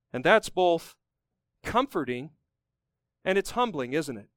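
A man preaching a sermon, emphatic and fervent, climbing to strong peaks and dropping low to close each point. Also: sing-song, a little slow, fairly bright tone, clean tone, dry recording. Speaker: pastor.

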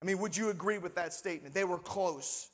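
A man preaching a sermon and reading scripture aloud, slow and emphatic, asking his listeners rhetorical questions. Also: sits high, a bit bright. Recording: long reverb in a large hall.

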